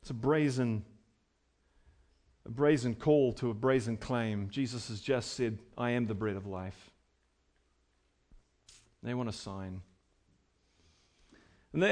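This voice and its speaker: A pastor preaching a sermon to his congregation, emphatic, his voice swinging between loud and quiet. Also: expressive, unhurried, pauses often. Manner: emphatic preaching with wide swings in pitch and loudness.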